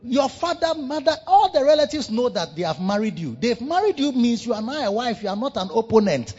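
A male preacher delivering a dramatic, animated sermon in a church, repeating words for effect. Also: very high voice, brisk. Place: large church hall. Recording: dull reverberant hall with music.

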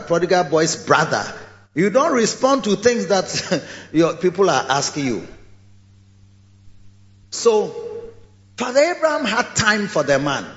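A man preaching a sermon in a large church, telling the story in a lively way and acting out its scenes. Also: a little high. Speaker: pastor. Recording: echoey hall, dull lo-fi sound.

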